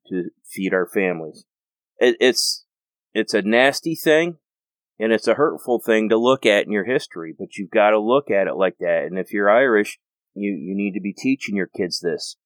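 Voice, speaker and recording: Earnest low-voiced American man. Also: no echo. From United States. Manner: earnest, rambling with restarts. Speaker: host. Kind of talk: casual monologue.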